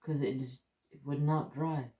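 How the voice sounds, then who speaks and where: Slow-talking, cursing American man. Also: fairly high pitch, fairly even intonation, warm tone, roomy sound. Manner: rambling, profane, easygoing storytelling. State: hiccups. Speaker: craft channel host. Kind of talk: casual livestream chat.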